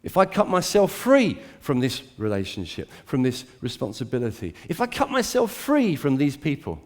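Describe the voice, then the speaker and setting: A man preaching a sermon to a church, dramatic and swinging between hushed, intimate lines and emphatic climbs. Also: medium pitch, wildly swooping pitch, normal speed. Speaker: pastor.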